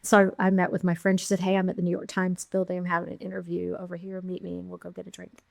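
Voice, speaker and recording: A middle-aged woman, a podcast guest, telling her founding story with lively quoted voices. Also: on the low side, quick pace, creaky, no room sound. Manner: animated storyteller, acting out quotes. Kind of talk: storytelling interview.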